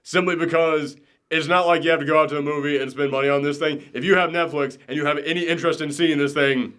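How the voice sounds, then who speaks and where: A man hosting a casual review chat, animated and ranting, swearing and laughing as he goes. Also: fairly high pitch, fast talker. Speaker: podcast co-host reviewing a TV show.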